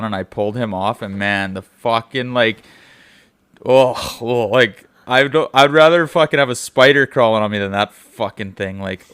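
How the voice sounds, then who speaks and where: A man on a hunting podcast, telling stories in a loose, profane, animated way. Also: lowish voice, clear, resonant tone, no echo. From British Columbia, Canada. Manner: profane, animated, swears constantly. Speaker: podcast host. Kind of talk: casual chat, storytelling.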